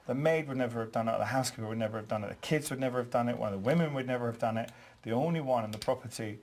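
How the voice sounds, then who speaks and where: A man's voice: medium pitch, very fast, darkish tone. A man working as a psychic medium on a live ghost hunt, explaining earnestly with many restarts. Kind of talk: live paranormal investigation.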